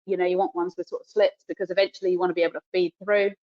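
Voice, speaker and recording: A woman's voice: fairly low pitch, little pitch movement, racing. Woman dog trainer with a New Zealand accent. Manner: explains while cueing the dog, soft praise. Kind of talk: live training demonstration. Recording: dull lo-fi webinar audio.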